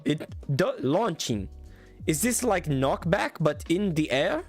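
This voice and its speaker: Man doing a playful put-on Indian accent, high voice, lively swoops, faint music under it. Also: slow pace, husky, full character voice. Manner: higher, bouncy, playful, repeats himself. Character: the streamer himself in a playful mock accent. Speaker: streamer. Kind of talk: mock-accent bit during a live mod review.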